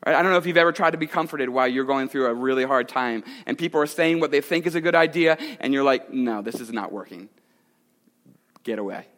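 A man pastor preaching a sermon in a conversational way, with dramatic swings between loud and hushed. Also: on the high side, quick pace, few pauses. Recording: echoey hall.

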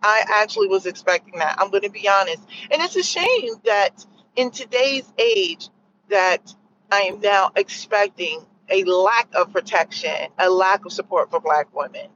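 A woman's voice: mid-range voice, lively intonation, normal speed, fairly bright tone, dull audio, slight background noise. A woman giving her opinions in a casual, rambling vlog, sarcastic and full of fillers, seemingly recorded in a car. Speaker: vlogger sharing opinions.

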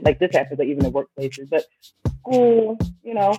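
Excitable, dramatic woman on a podcast. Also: lowish voice, moderate pace, lo-fi sound, music in the background. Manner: excitable, dramatic, animated storyteller. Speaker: podcast guest. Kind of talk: casual podcast chat.

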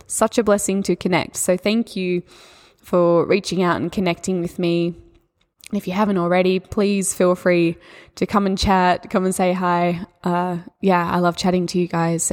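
Australian female podcast host, mindset coach, soft encouraging delivery, slightly low voice. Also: fairly even intonation, moderate pace. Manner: gentle, encouraging, spiritual. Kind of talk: solo podcast talk.

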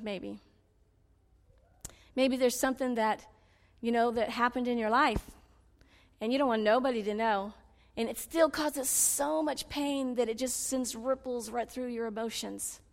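A woman preaching a sermon, swinging between loud pleading cries and low confiding asides. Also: in a large hall.

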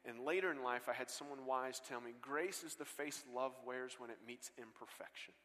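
A man preaching a sermon and telling stories with earnest swings between loud bursts and hushed lines, on a stage mic in a large church. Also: mid-range voice, normal speed. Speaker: guest pastor. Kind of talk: sermon storytelling. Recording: long hall reverb.

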